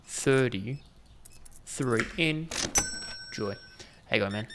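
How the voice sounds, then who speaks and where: A man's voice: medium pitch, animated, drawn-out words, noisy background. A young man giving casual gameplay commentary and chatting and joking with the customers in the game. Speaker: gaming video host.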